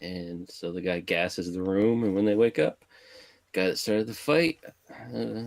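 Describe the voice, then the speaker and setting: Very deep-voiced laid-back man recapping. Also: unhurried, gravelly, dry recording. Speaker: podcast co-host. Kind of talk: casual movie plot recap.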